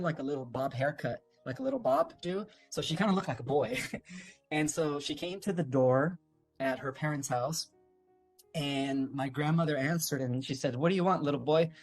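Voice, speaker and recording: A man, a guest on an interview, telling a long family story in a loose, rambling way with many fillers and restarts. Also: on the high side. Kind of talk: casual storytelling.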